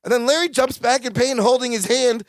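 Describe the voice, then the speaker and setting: A man with a notably high voice co-hosts a casual rewatch podcast. He recaps scenes with animated energy and bursts into the characters' lines. The sound is close and dry, with no room around it. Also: fairly quick, no echo. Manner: animated, acts out characters' lines with jumps in pitch. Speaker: podcast co-host.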